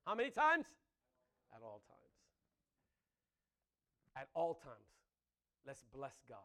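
Man preacher, high voice, wildly swinging pitch, laughs mid-thought, calls for amens. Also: takes it slowly. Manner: animated, often asks the congregation "Amen?"; breaks into laughter mid-sentence. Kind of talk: sermon.

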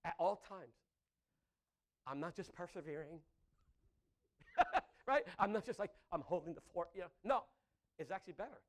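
Man preacher, high voice, wildly swinging pitch, laughs mid-thought, calls for amens. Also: normal speed, pauses often. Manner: animated, often asks the congregation "Amen?"; breaks into laughter mid-sentence. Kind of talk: sermon.

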